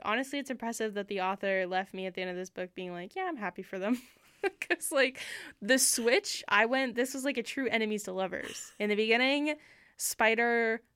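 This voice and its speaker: A woman's voice: fairly high pitch, a bit bright, smooth, no room sound, clean studio sound. A young Canadian woman chatting casually about a book, laughing often and using lots of fillers. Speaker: book podcast co-host. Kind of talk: casual chat.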